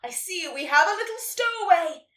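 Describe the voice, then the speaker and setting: A woman voicing a big, jolly old male panda Santa who booms his lines. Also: animated, moderate pace, a bit bright. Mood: booming jolly. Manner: booming, hearty. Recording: roomy echo, distant mic.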